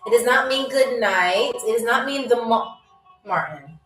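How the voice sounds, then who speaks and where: A woman's voice: fairly high pitch, expressive, measured pace, a bit bright. A woman hosting a live-stream quiz game. She reads out viewer comments in a playful, teasing way, often holds back laughter, and welcomes viewers as if she were a flight attendant. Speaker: game show host. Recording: roomy, distant mic with faint music.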